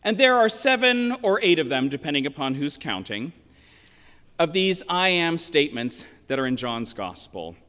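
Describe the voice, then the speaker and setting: A man in his sixties from western Pennsylvania, preaching a sermon as a pastor in a reflective, measured storytelling manner with emphatic quotations. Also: fairly high pitch, big pitch swings, bright, forceful tone. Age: 60s. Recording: long reverb of a large hall.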